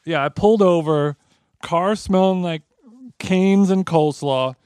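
Smooth-voiced man telling a rambling story. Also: high voice, a little slow, no room sound, clean studio sound. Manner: rambling, animated, frequent restarts and laughs. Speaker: podcast co-host. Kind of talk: casual storytelling chat.

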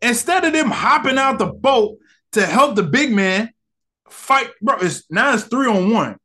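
A man's voice: very high voice, lively intonation, measured pace, bright, forceful tone. A man hosting a podcast, giving a casual, slangy movie review and acting out characters' lines.

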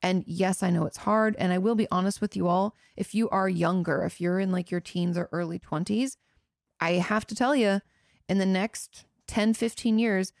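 Female therapist-host, casual advice chat, earnest and conversational, slight vocal fry. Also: mid-range voice, steady tone, moderate pace, no echo, clean studio sound. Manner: earnest, conversational, frequent "you know" asides. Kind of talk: casual advice talk answering listener questions.

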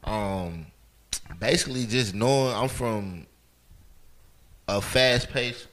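A man from New York talking easily as a podcast guest, in relaxed slang with constant "you know what I'm saying". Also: medium pitch, slow. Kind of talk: casual interview chat.

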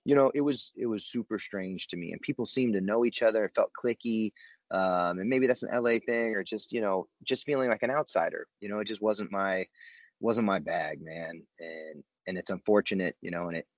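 Low male storyteller, laid-back and slangy, dry dull lo-fi recording. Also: brisk, no echo. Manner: laid-back, slangy, self-mocking humor. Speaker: guest telling his recovery story. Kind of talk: casual storytelling chat.

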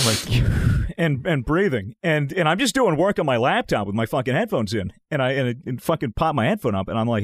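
A man's voice: medium pitch, fairly quick, breathy edge, no echo. A young man in his twenties, chatting casually on a podcast and telling stories, swearing often and acting out what people said. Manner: animated, swears a lot, acts out quotes. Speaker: podcast co-host. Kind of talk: casual chat, storytelling.

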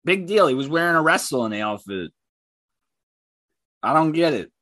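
A man's voice: a little high, very animated, unhurried, fairly bright tone, no echo. A man hosting his own podcast and ranting about online comments, heated, profane and mocking. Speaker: podcast host.

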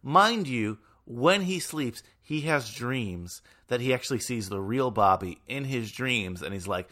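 A man's voice: mid-range voice, unhurried, hardly any pauses. A man co-hosting a podcast, chatting casually and ramblingly about a film. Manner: rambling, animated, lots of fillers. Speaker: podcast co-host.

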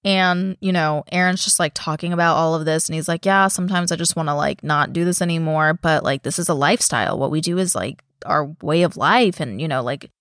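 A woman's voice: deep voice, a little fast, hardly any pauses, fairly bright tone, dry recording, clean studio sound. A woman co-hosting a casual paranormal podcast, swearing freely and acting out quotes as she recaps an episode. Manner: swears freely, acts out quotes, laughs often. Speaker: podcast co-host. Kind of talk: casual chat.

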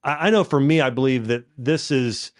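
A man hosting a podcast interview, affirming his guest and thinking out loud as he talks. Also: mid-range voice, normal speed, no room sound, clean studio sound. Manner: affirming, thinks aloud with restarts. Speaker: podcast host. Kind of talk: interview conversation.

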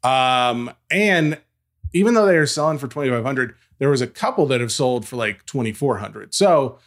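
A man's voice: medium pitch, animated, normal speed. A man co-hosting a casual sports-card podcast, dry and sarcastic, reading out sale prices. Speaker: podcast co-host. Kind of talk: casual podcast chat about sports cards.

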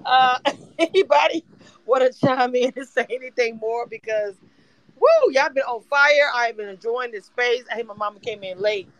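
A man's voice: very high-pitched, fairly even intonation, normal speed, fairly bright tone, poor audio. A man hosting a live audio chat room, ranting in a profane, fired-up casual way. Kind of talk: heated casual fan talk.

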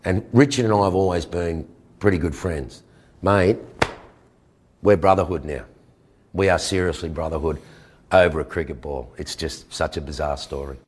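An older man telling a lively anecdote, acting out the dialogue and laughing along the way. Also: sits low, moderate pace, long pauses, husky. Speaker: guest storyteller. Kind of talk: animated anecdote.

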